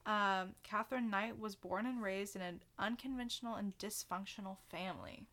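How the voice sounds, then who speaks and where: A woman hosts a relaxed true-crime chat with a friend. Her voice sits at an ordinary middle pitch. She talks easily, with quick asides and easy laughter. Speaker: podcast host.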